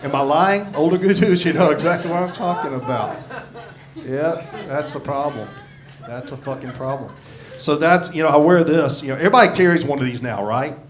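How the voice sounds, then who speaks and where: A man's voice: on the high side, fairly quick. A man in his sixties doing a grumpy, profane stand-up set on a club stage into a handheld mic. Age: 60s. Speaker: stand-up comedian. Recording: live club with crowd laughter. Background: audience laughter.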